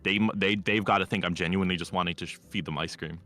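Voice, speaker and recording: A man's voice: deep voice, steady tone, fast, pushed and bright, faint music behind. A man from Ireland, chatting on a stream and telling stories in a cocky, teasing way. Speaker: collab guest streamer. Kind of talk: casual chat.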